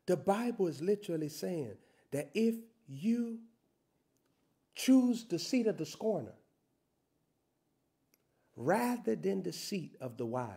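A man preaching a sermon, reading scripture slowly and building to loud, shouted emphasis. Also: high-pitched, sing-song, gravelly.

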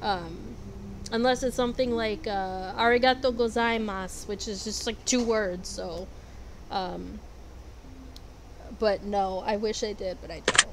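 A woman's voice: mid-range voice, fairly even intonation, unhurried. A young adult woman vlogging in a casual, blunt way, sarcastic and swearing constantly while she answers quiz questions. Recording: noisy background.

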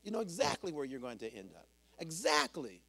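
Male pastor, sermon delivery; animated, gravelly voice that ranges widely. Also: on the high side, a little fast, dry recording. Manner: preaching that swings from hushed to shouted; exclaims "woo" between points.

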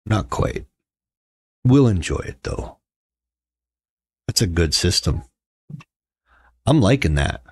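A man's voice: low-pitched, sing-song, takes it slowly, pauses often, darkish tone, breathy edge, no room sound. A middle-aged man hosting a casual livestream, chatting with viewers in a sarcastic, joking way and telling stories. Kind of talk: casual chat.

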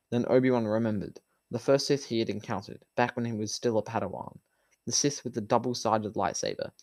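A man hosting his own channel, chatting casually with fillers before reading a novel aloud in a steady audiobook style. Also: on the low side, no room sound. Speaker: channel host and narrator.

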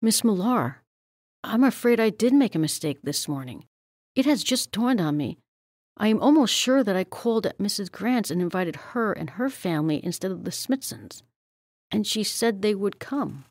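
A woman's voice: mid-range voice, very animated, unhurried, gravelly, a little mellow, no room sound, studio quality, heavily acted. A woman reading aloud as an absent-minded young male schoolteacher who sounds flustered and apologetic.

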